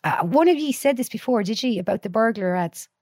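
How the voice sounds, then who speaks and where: A woman's voice: fairly high pitch, lively intonation, fairly quick, darkish tone, no echo, clean studio sound. A middle-aged woman, a podcast guest, chatting earnestly and telling stories with many restarts. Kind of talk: casual conversation.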